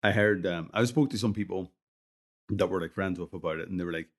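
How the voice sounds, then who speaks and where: A man with a low, deep voice in relaxed podcast banter. He jokes easily and teases his co-host in a loose, conversational way. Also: brisk. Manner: joking, teasing. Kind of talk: casual chat.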